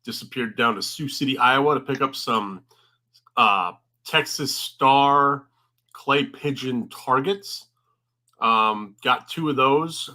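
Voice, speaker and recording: A male podcast co-host with a bright, forward voice at a middle pitch. He rambles through casual stories and fills his pauses with "uh" and "um". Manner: rambling storyteller, lots of "uh" and "um".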